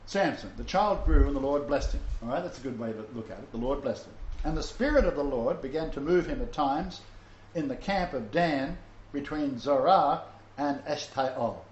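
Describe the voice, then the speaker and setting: A mellow mid-range voice with lively intonation moves at normal speed as this Bible teacher reads scripture and comments, chuckling at his own asides in an informal sermon. The roomy, dull lo-fi recording carries a little hiss or hum.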